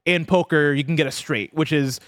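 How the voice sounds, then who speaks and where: Male co-host, somewhat high voice, chatty explainer, dry studio sound. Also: a little fast, no room sound. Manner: rambling, animated explainer. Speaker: podcast co-host. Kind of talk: casual chat.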